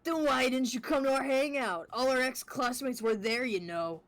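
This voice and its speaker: A woman's voice: sits high, normal speed, natural voice. A woman voicing a mocking former classmate, a teenage boy who sneers at someone. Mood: taunting. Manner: taunting, sarcastic.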